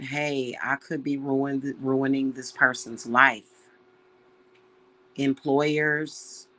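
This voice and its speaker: A woman's voice: low voice, sharp tone. A woman speaking as a practicing witch to her audience, earnest and emotional. She sounds close to crying and talks in a casual, heartfelt way, often turning to her viewers as y'all. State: close to tears. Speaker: witch and spiritual reader. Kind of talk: casual spiritual talk to viewers.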